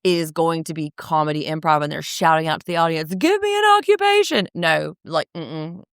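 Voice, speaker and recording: A woman co-hosting a casual recap chat, animated and wry, giving blunt opinions. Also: low-pitched, fairly quick, creaky, clean tone, no room sound, studio quality. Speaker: podcast co-host.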